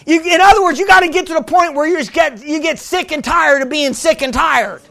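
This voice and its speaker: A middle-aged man, a pastor, preaching a sermon: he tells stories quietly, then builds to shouted, excited exclamations. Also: very high-pitched, fairly quick, gravelly.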